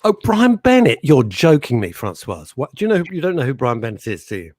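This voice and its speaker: A man's voice: medium pitch, fairly quick, dry recording. A man co-hosting a radio show, joking and teasing his partner in casual banter. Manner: animated, jokey, teasing, swears mildly. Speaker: radio co-host. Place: radio studio. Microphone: studio microphone.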